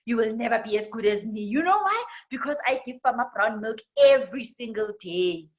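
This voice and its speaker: A woman voicing a proud dairy cow who brags with drawn-out words, with a South African accent. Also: on the high side, expressive, lightly acted. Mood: bragging. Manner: drawn-out bragging.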